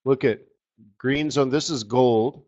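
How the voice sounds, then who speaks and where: Guy doing live trading webinar commentary, slow and excitable, dull lo-fi audio. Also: medium pitch. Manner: excitable, exclamatory, trails off while fiddling with charts. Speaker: forex market strategist hosting a live webinar.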